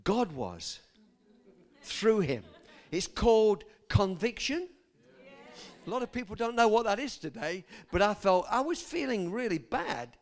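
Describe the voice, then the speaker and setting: A man's voice: sits high, sing-song, a little slow. A man preaching a personal testimony to his congregation, earnest and direct, breaking off to question his listeners and stumbling over words when moved. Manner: earnest, speaks straight to the congregation with asides and questions.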